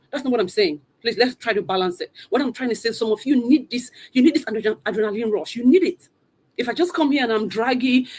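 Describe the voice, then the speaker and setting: A woman's voice: fairly high pitch, darkish tone, husky. A woman, a mother of three, hosting a live online motivational session from a room at home. She speaks with energy, urging her audience again and again. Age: adult mother of three. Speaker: motivational coach hosting a virtual event. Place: room at home, not a studio.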